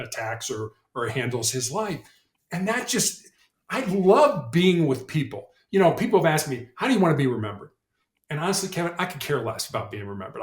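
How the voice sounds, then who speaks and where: A middle-aged man, a motivational speaker and guest on a podcast, telling stories in an earnest way and often repeating words as he starts a sentence. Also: on the high side. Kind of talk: conversational storytelling interview. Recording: roomy echo.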